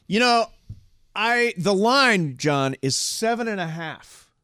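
A man from Ohio co-hosting sports talk radio, chatty and joking, quick to jump in. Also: sits high, lively intonation, sharp tone, smooth, dry recording, clean studio sound. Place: radio studio.

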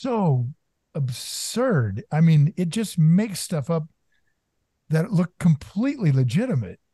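A man's voice: a little high, very animated, takes it slowly, mellow, husky, no echo, studio quality. An older man hosting a podcast, jovial and joking in casual chat. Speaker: podcast host.

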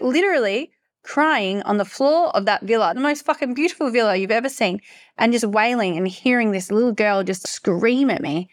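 A woman's voice: fairly high pitch, moderate pace. A woman hosting a solo podcast, talking in an impassioned, emphatic way and swearing freely. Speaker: podcast host.

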